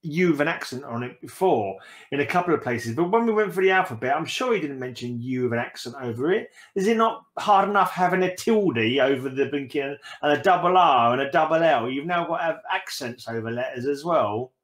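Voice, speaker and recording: A man's voice: a little high, lively intonation, a little fast, a bit bright. English male reactor. Wry, exasperated commentary. Reverberant room sound. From England. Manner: joking, exasperated asides. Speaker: reaction video host. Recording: roomy echo.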